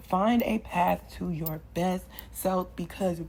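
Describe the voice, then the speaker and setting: A young woman, a spiritual card reader, gives a channeled tarot reading in a lowish, darkish, slightly rough voice at a slow pace. She preaches repetitive affirmations with passion, sighing between lines. The recording is rough.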